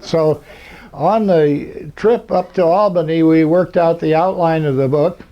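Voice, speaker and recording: A man's voice: fairly high pitch, measured pace. An older man giving a rambling, dry-humored talk to an audience in a lecture hall, with plenty of fillers. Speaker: convention speaker. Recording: muffled lo-fi recording.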